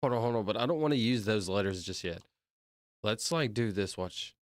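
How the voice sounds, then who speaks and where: Counting out loud during a laid-back stream, a young man rambles in slangy chat and addresses people as bro. He sounds lowish and animated at a moderate pace, recorded studio-quality with no room sound.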